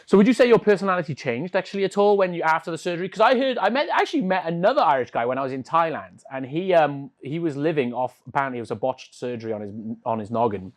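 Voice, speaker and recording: A man hosting a casual podcast interview, chatty and jokey and quick to laugh. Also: a little high, lively intonation. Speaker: podcast host. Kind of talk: casual chat.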